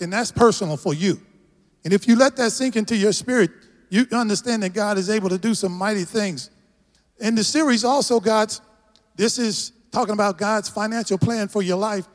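A man's voice: high-pitched, moderate pace. A middle-aged man with a Texas accent, preaching a rousing sermon as a guest pastor and leading the congregation in call-and-response. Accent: Texan. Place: large church hall. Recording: long church hall reverb.

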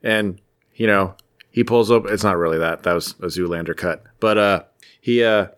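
A man's voice: sits low, moderate pace, clean tone. A man co-hosting a podcast, casually recapping a comic book in a jokey, rambling storytelling way. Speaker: podcast co-host.

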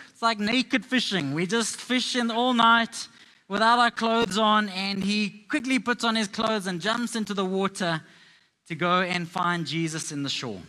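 A man with a high, bright voice preaches a sermon to a live congregation. He tells Bible stories in a playful, chatty way, as if talking with friends. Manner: playful, conversational storytelling. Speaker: pastor.

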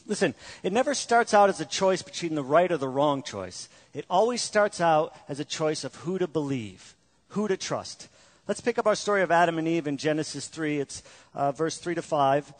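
A man's voice: on the high side, expressive, moderate pace. A male pastor preaching a sermon, earnest and emphatic, with frequent rhetorical questions.

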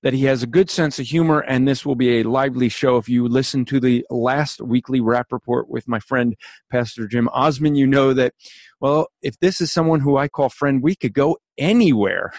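A man's voice: mid-range voice, moderate pace, a little mellow, no room sound. A man hosting a casual chat, teasing his guest and laughing often. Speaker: host.

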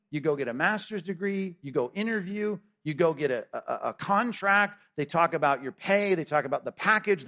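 A middle-aged man preaching a sermon, retelling a parable with casual asides and acted-out voices. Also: on the high side. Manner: animated storytelling, acting out voices of the parable. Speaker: pastor.

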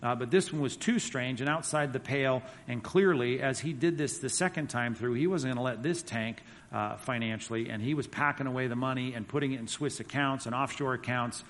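A man's voice: mid-range voice, brisk. A man teaching a church class with slides, in a conversational, emphatic way. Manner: conversational, emphatic, reads quotes aloud. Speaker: Bible teacher. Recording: long reverb of a hall.

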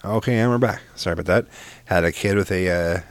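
A man's voice: deep voice, fast talker, no echo, studio quality. A young man co-hosting a casual podcast chat, telling stories in a rambling, profane way with many restarts. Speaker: podcast co-host.

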